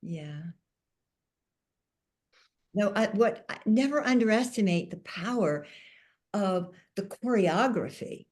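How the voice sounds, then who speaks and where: A woman on a panel, telling a personal story in a soft-spoken, emotional way. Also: mid-range voice, lively intonation, slow, pauses often. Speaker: panel speaker.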